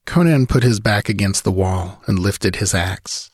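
A man with a fairly low voice reads a dramatic adventure audiobook with vivid, driving storytelling. The sound is dry and close, with no room around it. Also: unhurried, slightly rough, dry recording. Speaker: audiobook narrator.

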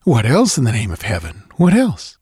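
A man reading an audiobook voices a grave, uneasy male canoeing companion who speaks slowly and earnestly, turning low and scornful at times. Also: wildly swooping pitch, a little mellow, breathy edge, no room sound, clean studio sound, full character voice.

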